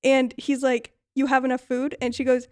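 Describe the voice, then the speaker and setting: A young woman co-hosting a podcast in casual chat, animated and laughing often as she retells scenes. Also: high-pitched, moderate pace, clear, resonant tone. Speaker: podcast co-host.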